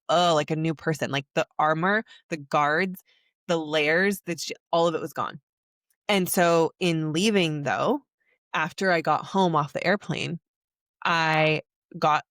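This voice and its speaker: A young adult woman hosts a podcast in a dry, studio-quality recording, her deep voice carrying a bit of brightness. She tells a personal story in a confessional way, leaning heavily on "like" and other fillers.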